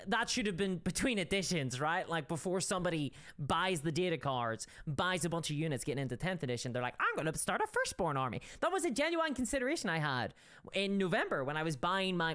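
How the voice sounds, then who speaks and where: A woman's voice: on the low side, sing-song, a little fast, fairly bright tone. A woman streamer in casual livestream commentary, reading chat and ranting with opinionated energy and frequent restarts.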